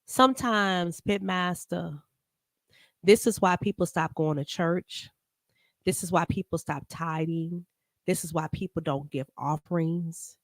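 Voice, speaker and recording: Gravelly, slow-talking woman show host. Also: lowish voice, dry recording, clean studio sound. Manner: emotional, earnest, talks to viewers by name. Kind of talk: casual live-stream commentary.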